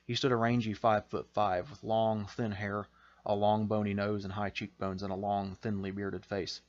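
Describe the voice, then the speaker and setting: A man, the author, reading a passage from his novel aloud in a measured, expressive storytelling voice. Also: on the low side, lo-fi sound. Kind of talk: audiobook-style fiction reading.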